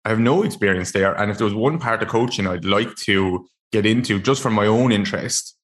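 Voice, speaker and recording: An Irish man hosts a podcast in a loose, chatty way. His voice sits fairly low, and he rambles, restarts and pokes fun at himself as he goes. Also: brisk, fairly bright tone. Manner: rambling, self-deprecating, stumbles over words. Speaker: podcast host. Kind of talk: casual podcast chat.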